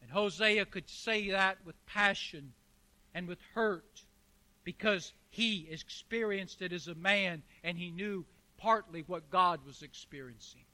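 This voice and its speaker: A man's voice: high-pitched, measured pace, sharp tone. A man preaching a sermon as pastor, emphatic, with rhetorical questions and repeated phrases.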